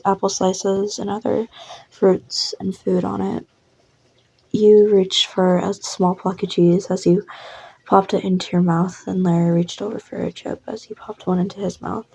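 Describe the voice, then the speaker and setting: A woman's voice: mid-range voice, creaky, darkish tone, husky, poor audio. A young woman narrating a listener role-play audio in a casual, rambling way, full of fillers and swearing.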